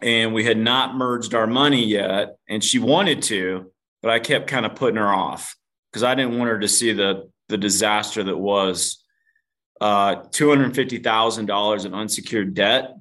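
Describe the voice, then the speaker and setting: A man's voice: lowish voice, normal speed, sharp tone. Guy on a podcast spilling his own story, laughs at himself, swears kinda casual, calls the host dude. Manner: self-deprecating, casual swearing. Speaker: podcast guest. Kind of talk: candid storytelling in a podcast interview.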